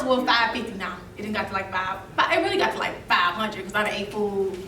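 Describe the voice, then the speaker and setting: A woman's voice: mid-range voice, normal speed, bright, forceful tone, a little hiss or hum. A young woman, telling her story as a seminar speaker, emotional and laughing as she goes. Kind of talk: motivational storytelling. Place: seminar room. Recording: echoey room, mic from a distance.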